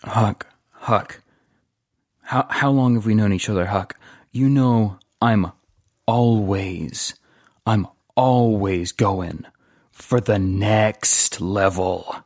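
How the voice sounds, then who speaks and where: A man's voice: on the low side, slow pace, a little mellow, no room sound, clean studio sound. A man voicing an ambitious, ingratiating male street hustler who pleads earnestly for a break. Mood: pleading. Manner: pleading, earnest, repeats names.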